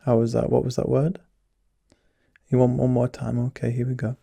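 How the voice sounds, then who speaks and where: A soft, husky young man in a whispered role-play as a teasing doctor. His low voice has a gravelly edge and a dark, mellow tone, and it stays close and dry on the mic. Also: completely flat delivery, moderate pace, no echo.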